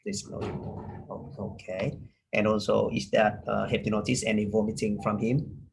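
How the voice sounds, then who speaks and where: Halting, polite low-voiced male doctor. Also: flat delivery, vocal fry, a little hiss or hum, low-quality recording. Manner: polite, halting questions with many fillers. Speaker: doctor candidate in a practice exam. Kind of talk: medical exam role-play.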